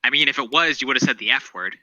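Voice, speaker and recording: A man's voice: medium pitch, animated, fast talker, bright, forceful tone, dry recording, low-quality recording. A man co-hosting a podcast, chatting casually about current events in a rambling, profane, opinionated way. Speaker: podcast co-host.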